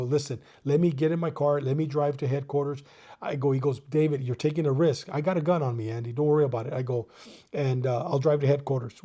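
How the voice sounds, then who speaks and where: A retired male police detective telling a story as an interview guest, animated and acting out both sides of his phone calls. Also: medium pitch. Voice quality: bald.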